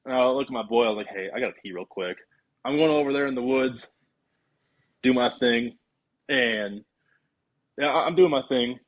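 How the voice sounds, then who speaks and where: A man's voice: mid-range voice, moderate pace, pauses often, phone-quality sound. A man casually telling a long story on a podcast, acting out what he and his friends said. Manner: animated storyteller, acting out his own quotes. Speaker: podcast guest.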